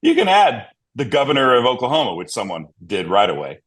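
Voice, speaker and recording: A man on a podcast panel, telling a story in a lively way with many fillers and asides. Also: medium pitch, brisk, slightly rough. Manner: animated, lots of fillers and asides. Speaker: panel guest. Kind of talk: casual storytelling.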